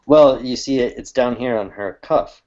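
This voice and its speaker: A man co-hosting a casual chat with a fellow cartoonist, talking in a rambling, halting way and laughing easily. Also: medium pitch, dark tone, muffled recording. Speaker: cartoonist co-host.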